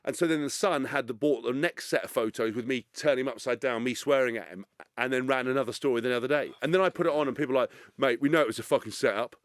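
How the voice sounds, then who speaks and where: A man telling a story as a podcast guest, talking quickly and swearing freely. He acts out what other people said in voices of their own. The sound is dry and close. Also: medium pitch, no room sound. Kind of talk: casual storytelling chat.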